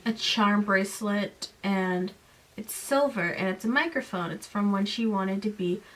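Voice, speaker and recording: A woman in her late twenties to thirties hosting a podcast, recapping a book in a casual way with sarcastic, animated, mocking asides. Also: medium pitch, measured pace, far from the mic. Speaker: podcast host.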